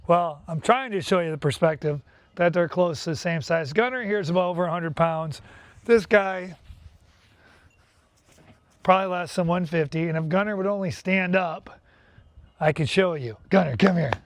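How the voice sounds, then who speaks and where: A man's voice: high voice, normal speed, pauses often, no echo. A man hosting a casual farm vlog, talking easily about his animals and calling to his dogs outdoors. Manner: chatty, coaxing the dogs with repeated calls; relaxed explanation while reading from a website. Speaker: farm owner and channel host. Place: outdoors on a farm, then inside his house.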